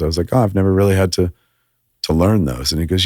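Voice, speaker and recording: A filmmaker in casual podcast chat, an animated storyteller who swears often and acts out quotes. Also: male voice, deep voice, fast, dry recording, clean studio sound. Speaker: filmmaker guest.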